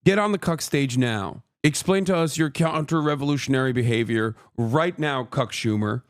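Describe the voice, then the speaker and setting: A man streaming a reaction to the news in an exasperated rant, at times breaking into loud, high shouts. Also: normal speed, hardly any pauses, no room sound, clean studio sound. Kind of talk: live-stream commentary rant.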